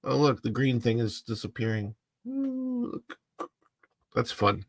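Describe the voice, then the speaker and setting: Middle-aged male livestream host, sleepy, rambling chat, gravelly tone, dry close clip-on mic. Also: on the low side, fairly even intonation, no room sound. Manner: chatty, rambling, sleepy and unhurried, with fillers. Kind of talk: casual livestream chat, reading viewer comments. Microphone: clip-on mic under his face.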